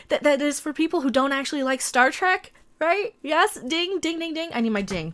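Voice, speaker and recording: A woman's voice: high voice, animated, normal speed, few pauses, fairly bright tone. A woman commentator reading and mocking an article in a profane, sarcastic rant full of exaggerated exclamations. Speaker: online commentator reacting to an article.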